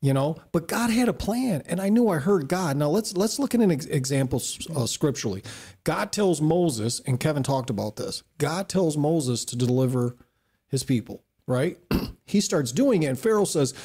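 A man's voice: a little high, normal speed, slightly rough. A man leading a casual church panel discussion, telling stories and asking the group questions. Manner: lively storyteller, asks the group questions. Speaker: discussion leader.

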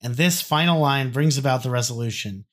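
A man's voice: medium pitch, fairly quick. A man co-hosting a casual podcast, reading song annotations aloud in a mocking, sarcastic way. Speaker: podcast co-host.

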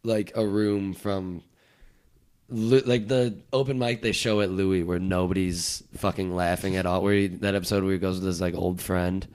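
Low-voiced young man, loose and profane. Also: steady tone, normal speed, a little mellow, clear, resonant tone. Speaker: podcast co-host, stand-up comic. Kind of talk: casual chat.

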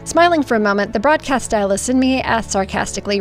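A woman's voice: fairly high pitch, expressive, quick pace, soft background music. A middle-aged woman reading her own personal story aloud in an earnest, emotional way. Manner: emotional, earnest storytelling with spoken sound effects. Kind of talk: personal memoir narration.

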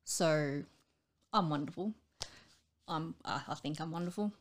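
An Australian woman speaks in relaxed conversation, open and frank about her own life. Her storytelling gets animated, and she slips into lively impressions of the people in her stories. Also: low-pitched, a little slow. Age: adult with school-age children. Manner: candid, animated storytelling, acting out others' voices. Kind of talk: casual chat.

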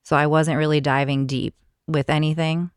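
A woman's voice: low voice, little pitch movement, normal speed, clean tone, dry recording, clean studio sound. A woman guest on a podcast, telling a personal story in a chatty way, full of filler words. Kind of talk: casual storytelling.

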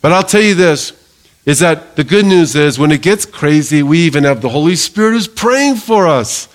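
A middle-aged male pastor preaching a sermon in a lively, joking way, calling for amens from the congregation. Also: fairly high pitch, normal speed.

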